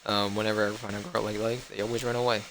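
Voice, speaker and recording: A man's voice: lowish voice, level tone, fast talker, creaky, slight background noise, low-quality recording. A man streaming a game live, chatting casually and rambling, stumbling over words and laughing at his own mistakes. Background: loud game music.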